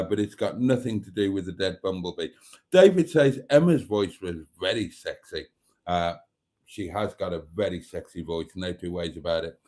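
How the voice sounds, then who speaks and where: A man's voice: lowish voice, mellow. A man hosting a casual live stream, reading viewer comments aloud and chuckling often.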